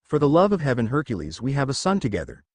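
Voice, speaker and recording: A man's voice: medium pitch, huge pitch swings, fast talker, a little mellow, no echo. A man voicing an enraged warrior princess wife, hurling accusations in a dry, close recording. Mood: furious.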